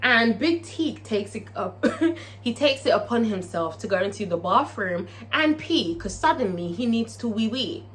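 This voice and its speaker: A woman recapping a TV episode in a casual vlog, profane and excitable, tagging her lines with "okay?". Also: medium pitch, normal speed, a little hiss or hum. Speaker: TV show reviewer.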